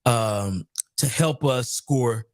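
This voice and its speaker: An energetic man hosts a live stream in a chatty way and often repeats his phrases. The sound is dry and close, with no room around his mid-pitched voice. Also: drawn-out words, dry recording. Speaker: host.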